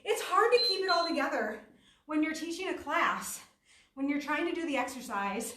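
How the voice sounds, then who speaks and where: A woman's voice: high-pitched, animated, moderate pace, bright, forceful tone. A woman fitness instructor leading a workout class, chatty and self-deprecating, talking while she exercises and at times out of breath. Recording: echoey room, voice from a distance.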